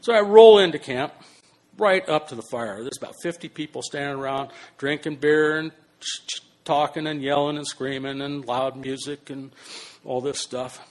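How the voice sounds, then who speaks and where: Older man telling a lively anecdote. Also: fairly high pitch, moderate pace. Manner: animated, swings between hushed and loud, swears casually. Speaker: storyteller. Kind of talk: spoken personal anecdote.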